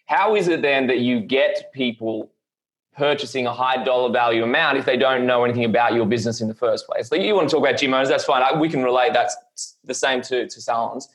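A man interviewing a guest over a video call, eager and quick to agree. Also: medium pitch, a bit bright.

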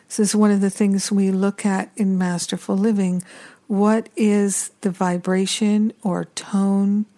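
Woman doing slow gentle spiritual talk, mellow soft voice, kinda repeats herself like praying. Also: mid-range voice. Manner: slow, gentle and repetitive, with prayer-like passages. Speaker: spiritual teacher and podcast host.

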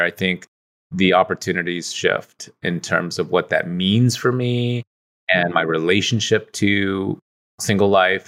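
A man's voice: low voice, a bit bright. A man speaking as a podcast guest in casual conversation, reflective and easygoing, with many "like" fillers.

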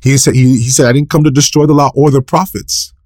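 This sermon comes from a man speaking quickly with fairly even intonation and a slightly mellow voice. He raises questions only to answer them, echoes scripture quotes, and surges sharply in pitch and volume for emphasis. It was recorded for a podcast with clean studio sound and no room sound.

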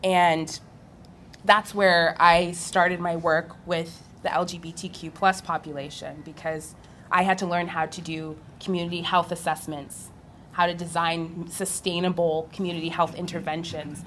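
A young adult woman on a live panel, telling her story in an animated way and laughing often. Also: lowish voice, a little slow, a little hiss or hum. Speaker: physical therapist on a panel.

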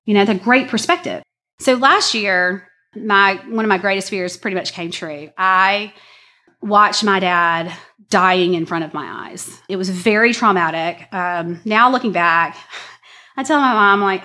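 A woman's voice: medium pitch, a little slow, pushed and bright. A woman, earnestly sharing a personal faith story in a chatty way, full of "like" and "y'all". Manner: chatty and earnest, many fillers, says y'all. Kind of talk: personal testimony talk.

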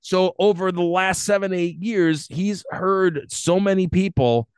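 A man co-hosting a chatty podcast, playful and animated, often breaking into loud joking bits. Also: high voice, measured pace, clean tone, no echo, studio quality. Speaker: podcast co-host. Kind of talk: casual chat.

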